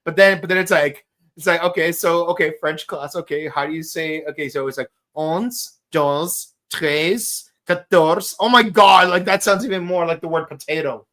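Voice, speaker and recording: A man co-hosting a podcast, chatting casually and getting excited on rambling trivia tangents. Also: fairly high pitch, normal speed. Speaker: podcast co-host. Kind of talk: casual chat.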